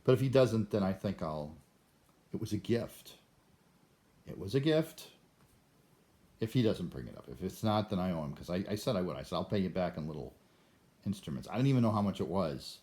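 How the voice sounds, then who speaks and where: A man's voice: low-pitched, animated, fast, dark tone. An older man talking to the camera in a rambling monologue, often stammering and restarting his sentences. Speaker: vlogger.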